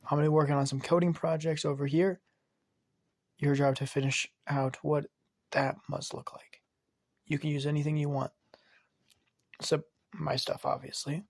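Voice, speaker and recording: A man voicing a calm, weary male villain inventor with a low-key, sighing delivery. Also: normal speed, vocal fry, pauses often.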